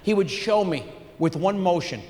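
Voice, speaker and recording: Middle-aged male stand-up comic, high voice, loud and animated, live on stage in a reverberant hall. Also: moderate pace. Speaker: stand-up comedian. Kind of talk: stand-up comedy set. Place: theater stage with live audience. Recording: live hall reverb, faint room noise.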